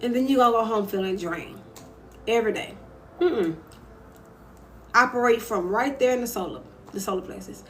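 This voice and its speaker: A woman's voice: a little high, moderate pace, pauses often, a bit bright, slight background noise. Candid woman hosting a live stream. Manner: candid, emphatic, reads viewer comments aloud. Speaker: live-stream host giving advice. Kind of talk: casual live-stream advice talk.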